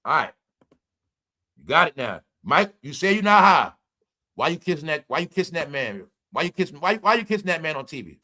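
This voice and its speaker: Male host, high bright voice, animated profane commentary. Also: brisk. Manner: animated, mock-courtroom ranting, profane. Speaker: show host.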